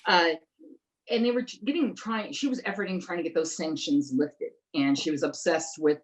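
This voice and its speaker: A woman's voice: low-pitched, moderate pace, rough recording. A middle-aged woman on a political discussion show who talks in an emphatic way, stumbling over words now and then. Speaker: interviewer, investigative journalist.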